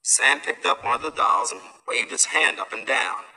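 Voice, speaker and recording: A man reads a children's storybook aloud as host, his voice bright and lively with a gravelly edge. He sounds distant, as if the mic sits some way from him. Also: medium pitch, normal speed. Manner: lively, expressive read-aloud. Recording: voice from far off the mic.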